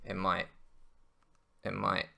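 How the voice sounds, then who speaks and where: A man ranting over a Pokémon match, switching between quiet muttering and loud swearing outbursts. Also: low-pitched, monotone, slow, creaky. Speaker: Pokémon draft league player. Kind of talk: gaming commentary rant.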